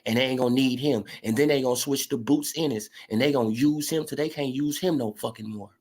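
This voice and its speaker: A woman's voice: extremely low pitch, quick pace, husky. A woman ranting heatedly in a sports commentary vlog, swearing freely and calling people out. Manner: profane, heated, animated.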